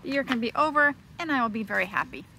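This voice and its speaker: A woman in her thirties vlogging outside on a windy day, her voice sitting a little high. Her talk is chatty and scattered, jumping from one thing to the next as she films on a handheld camera. A faint hiss of noise runs underneath. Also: expressive, fast, pushed and bright. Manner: chatty, scattered, flits between topics. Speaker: vlogger, homeschooling mom. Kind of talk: casual vlog.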